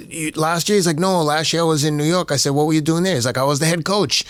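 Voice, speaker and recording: A man in his fifties hosting a casual chat, telling animated stories and acting out quotes in a raised voice. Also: on the high side, fast, dry recording. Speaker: podcast host.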